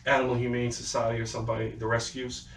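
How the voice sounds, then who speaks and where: A man's voice: medium pitch, completely flat delivery, fast talker. Laid-back man telling stories, roomy sound. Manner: loose storytelling, quoting people in put-on voices. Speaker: podcast host. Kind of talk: casual chat. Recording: echoey room, far from the mic, faint noise.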